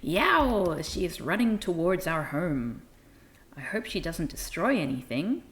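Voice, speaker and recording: A woman voicing an excitable young girl with a bright, bossy manner while reading a comic aloud. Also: fairly low pitch, measured pace. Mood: alarmed.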